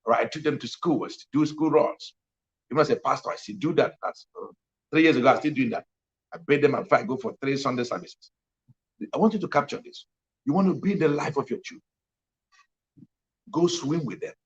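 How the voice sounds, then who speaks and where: A man's voice: medium pitch, brisk, long pauses, highs cut off. A man preaching at a parenting conference, emphatic and repeating his key lines for effect. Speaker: pastor. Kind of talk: sermon.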